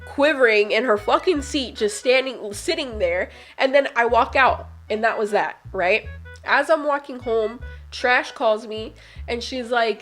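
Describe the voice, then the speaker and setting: A young woman telling a story casually, swearing a lot, her voice climbing higher whenever she gets heated. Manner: profane, animated, voice climbs when heated. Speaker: vlogger.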